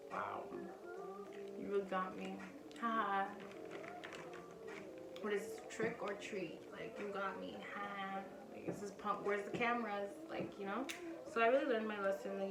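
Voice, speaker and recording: A young woman vlogger casually telling a personal story to the camera, candid and chatty. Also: medium pitch. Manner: candid, chatty, acts out other people's lines. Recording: roomy, distant from mic, background noise.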